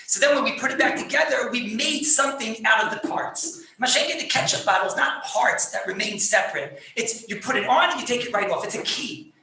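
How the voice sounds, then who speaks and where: A man, a rabbi, teaching a halachic class over a video call, excitable and repetitive, laughing as he explains and sprinkling in Hebrew and Yiddish terms. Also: extremely high pitch. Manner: excitable, repeats phrases, laughs while explaining. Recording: echoey, distant, faintly noisy video call.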